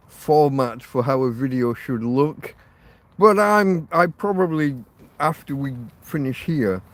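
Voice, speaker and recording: Slow-talking sweary man. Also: medium pitch. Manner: sweary, ranting, self-deprecating. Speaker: livestream host. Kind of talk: rambling live stream chat. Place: in or by a tent outdoors.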